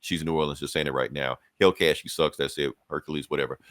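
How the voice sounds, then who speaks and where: A man casually recapping a comic story on a podcast, swearing freely and acting out the characters' lines in quick bursts. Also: extremely low pitch, fairly even intonation, fairly bright tone, no echo. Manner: loose, profane storytelling with quick acted-out quotes. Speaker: comic book podcast host.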